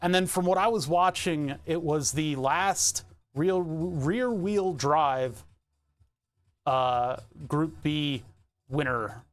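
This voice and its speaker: Streamer type, American man, a bit nasal, slightly high voice, loose rambling chat. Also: slow pace. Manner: rambling, chatty, laughs often. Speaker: livestreamer. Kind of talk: casual live-stream chat while working.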